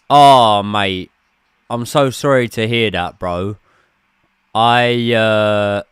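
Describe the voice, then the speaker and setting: A man's voice: medium pitch, fairly bright tone, clean tone, no room sound, studio quality. A young man hosting a live football watchalong, chatting casually, swearing now and then and answering viewers. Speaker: host of a football watchalong stream. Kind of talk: casual live-stream chat and commentary.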